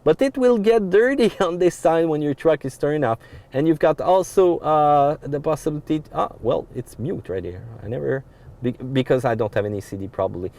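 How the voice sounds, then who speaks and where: Speaking at a normal speed, a car reviewer with a French accent has a slightly high, gravelly, somewhat mellow voice and an expressive delivery. He gives a loose, casual tour of a pickup's dashboard controls from the cab, with many uh fillers and restarts.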